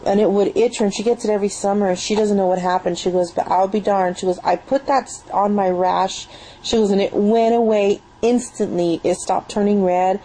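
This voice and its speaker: A woman's voice: medium pitch, fairly even intonation, a little fast, mellow, a little hiss or hum, low-quality recording. A young woman chatting enthusiastically at home in a rambling product review, recorded on a built-in webcam mic. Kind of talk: casual spoken product review.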